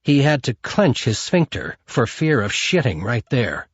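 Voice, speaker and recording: A man's voice: mid-range voice, sing-song, unhurried, husky, no echo, dull audio. A man narrating a crime novel audiobook in a dramatic storytelling manner. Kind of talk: scripted narration.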